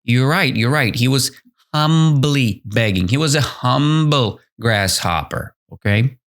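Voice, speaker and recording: A man whose first language is Russian, hosting an English-learning podcast and chatting his way through a storybook lesson with animated, self-correcting explanations. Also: mid-range voice, takes it slowly. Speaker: English teacher, podcast host.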